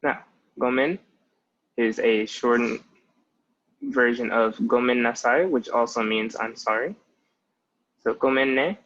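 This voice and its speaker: In this casual language lesson, the tutor, a man in his twenties, speaks a little slowly at a medium pitch with a fairly bright tone, pausing often. He breaks things down step by step, frequently starting with "so" and "basically," and the audio is muffled and lo-fi.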